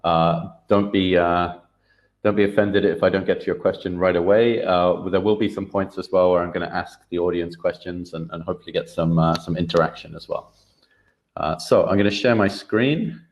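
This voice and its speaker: Deep-voiced man giving an online workshop. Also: normal speed, lo-fi sound. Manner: relaxed, many filler uhs and restarts. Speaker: workshop speaker. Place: online video call.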